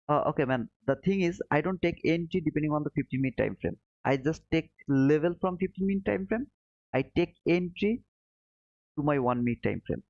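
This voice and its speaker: A man's voice: fairly high pitch, creaky, dry recording, muffled recording. Accented man patiently answering stream chat. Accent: non-native English accent. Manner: explains slowly, repeats points, answers chat by name. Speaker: livestream trading host. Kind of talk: casual live chat answering viewers.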